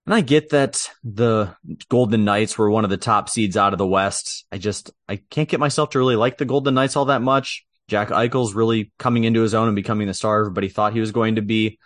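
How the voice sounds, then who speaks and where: A man's voice: on the low side, brisk, no room sound, studio quality. A man co-hosting a podcast, chatting casually and with opinions about sports, laughing easily. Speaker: podcast co-host.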